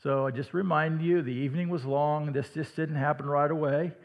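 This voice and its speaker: A man from Iowa with a slight Midwestern accent, preaching a sermon in a conversational way that sometimes drops to a hush. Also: on the high side, steady tone, brisk. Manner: conversational, dramatic dips to a hush. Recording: long hall reverb.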